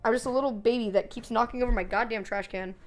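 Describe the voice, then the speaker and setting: A woman's voice: on the high side, steady tone, fast talker. A young woman streaming from her room at home, chatting casually with viewers, reading chat aloud and joking between giggles.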